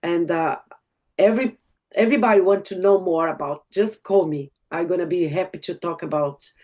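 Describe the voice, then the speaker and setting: Brazilian woman gushing about her business on a video call, kinda low voice, broken english. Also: fairly quick, darkish tone. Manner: enthusiastic, emotional, non-native grammar. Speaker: network marketer giving a testimonial. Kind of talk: online group call testimonial.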